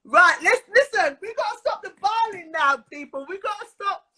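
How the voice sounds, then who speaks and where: A woman hosting a casual live stream, effusive, emotional and loud. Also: extremely high pitch, expressive, moderate pace.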